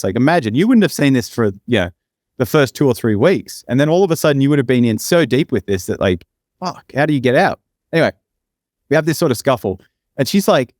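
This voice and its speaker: A man's voice: darkish tone, no echo. A young man rambles through a long personal story, full of fillers and restarts. His voice sits in a middling range and jumps up sharply when he acts out what others said. The sound is close and dry, with no room around it. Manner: rambling, acts out quoted lines with big pitch jumps. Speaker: podcast co-host. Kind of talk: casual storytelling.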